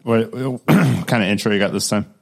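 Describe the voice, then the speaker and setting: A man's voice: fairly low pitch, fairly even intonation, fairly quick. A young man co-hosting a true-crime podcast, asking curious questions and joking along casually. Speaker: podcast co-host.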